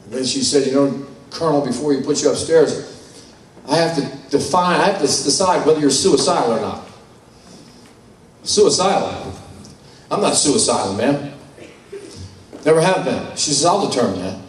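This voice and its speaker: An older man from New York tells his story bluntly and candidly, with salty language, in a voice sitting a little high. He speaks in a large conference hall, and the sound rings with heavy echo from a mic placed far away. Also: expressive, moderate pace, long pauses, a little hiss or hum. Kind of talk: personal testimony talk.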